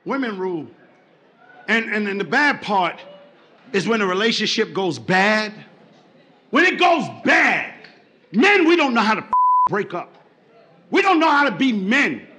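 A male stand-up comedian on a club stage, loud and swearing, acting out both sides of arguments. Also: high-pitched, sing-song, a little slow, pauses often. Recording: live club recording with crowd noise.

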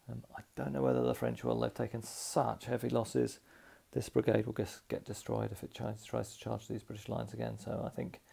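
A man's voice: mid-range voice, gravelly, mellow, slightly rough. A man narrating his own tabletop wargame, working through each dice roll and modifier in a methodical, thinking-aloud way. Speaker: tabletop wargame player narrating a solo game. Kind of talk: casual play-by-play narration.

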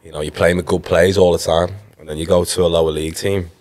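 Low-voiced Liverpool man, relaxed storyteller. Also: fast. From Liverpool, England. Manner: relaxed storytelling, frequent "like" and "you know". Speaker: podcast guest, former footballer. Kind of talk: casual interview chat.

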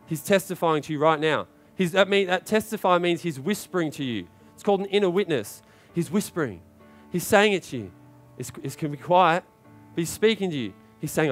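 A man preaching in a church service with a fairly high voice. He drives his points home with fervent repetition and urging calls to the congregation. Soft instrumental music plays faintly behind him. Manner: impassioned preaching with repeated phrases and calls of "come on". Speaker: pastor. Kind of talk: sermon.

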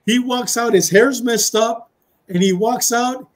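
In a very high-pitched, unhurried voice, this middle-aged man, once a police officer, recounts a story during a relaxed interview. He performs the dialogue with animation and drops into Spanish phrases as he goes.

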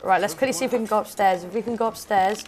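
A man giving excitable, shouty let's-play commentary. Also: high-pitched, very fast, slight background noise. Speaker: gaming YouTuber. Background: loud game music and sounds.

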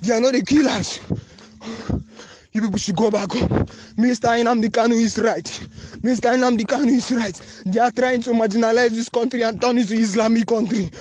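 A man's voice: extremely high pitch, steady tone, fairly quick, darkish tone, no echo. A man with a Nigerian English accent, making an urgent, repetitive, pleading appeal in a phone voice note. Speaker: anonymous voice-note caller. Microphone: phone voice recording.

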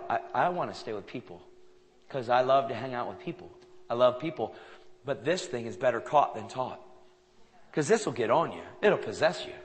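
A man preaches to a live crowd, telling his stories with animated energy and acting out each exchange. His voice is bright and forceful and sits a little high. Long reverb from a large hall trails each phrase. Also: normal speed, slight background noise. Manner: animated, acts out dialogue in anecdotes. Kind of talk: sermon storytelling.

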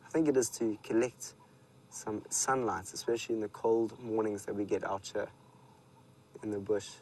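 Safari guide, male, South African accent, lowish voice, laid-back live commentary outdoors. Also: moderate pace, slight background noise, poor audio. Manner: relaxed storytelling, speaks to viewers. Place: outdoors in the bush.

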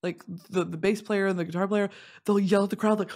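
A young woman in her twenties telling a funny story in casual chat as a podcast host, dropping to low mutters and rising to squealing laughs. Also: brisk. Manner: animated, swings from low confiding mutters to shrieking laughs and squealed whispers.

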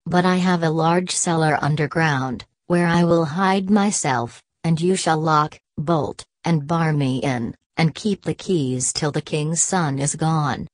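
A woman's voice: deep voice, slow pace, hardly any pauses, no room sound. A woman reading boastful three-headed giant.

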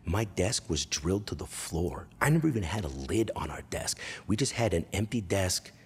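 Deep-voiced Canadian man telling crude stories. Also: moderate pace, slightly rough. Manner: animated, crude, bursts into loud impressions and yells. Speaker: comedian host. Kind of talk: comedic storytelling monologue.

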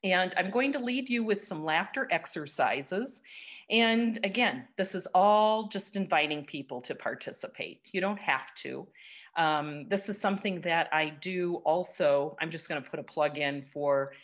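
A woman with a low voice leads a laughter workshop over a video call. She is encouraging and laughs often, and she breaks into loud chants. The call audio is noisy. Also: a little slow. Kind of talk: online workshop talk.

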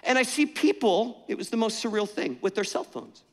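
High-voiced pastor telling a story in a hall. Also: male voice, moderate pace. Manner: animated, self-mocking, conversational. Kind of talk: storytelling sermon. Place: church sanctuary. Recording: church hall reverb.

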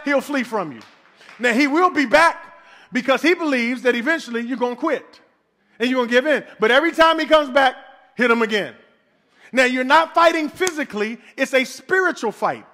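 A male pastor with a very high-pitched voice preaches a sermon. He drives his points home with repetition and short punchy lines, and he calls on the congregation to answer back. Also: pushed and bright. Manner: emphatic, repetitive preaching with call and response.

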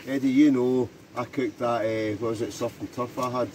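A man with a Scottish accent chatting casually with friends while cooking at a wild camp, animated and joking. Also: mid-range voice, moderate pace, slight background noise. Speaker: vlogger, wild camper. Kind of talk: casual camping vlog chat. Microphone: handheld camera.

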